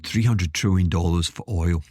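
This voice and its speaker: A man's voice: deep voice, normal speed, a little mellow, breathy edge, dry recording. A man hosting his own podcast, talking in a rambling, self-interrupting way with wry asides. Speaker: podcast host. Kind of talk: casual solo monologue.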